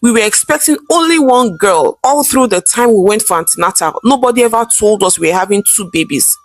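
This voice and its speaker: A woman's voice: mid-range voice, sing-song, a little slow, soft background music. A woman voicing a grief-stricken young husband who pleads and weeps. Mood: bitter. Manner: pleading, tearful.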